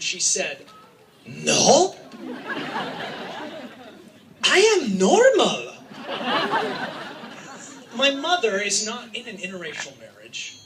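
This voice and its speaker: A man from Utah giving an impassioned, joking public speech to a crowd as an activist, sometimes raising his voice to a shout. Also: high voice. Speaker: activist speaking at a rally. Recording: distant mic with faint background noise.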